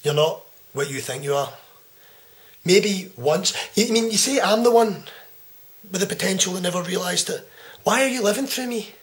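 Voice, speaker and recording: A young Scottish man in his twenties with a fairly high voice cuts a trash-talking wrestling promo. He taunts and swears freely, jumping between loud jabs and quiet, hushed menace. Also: expressive, moderate pace, long pauses. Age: 20s. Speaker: pro wrestler.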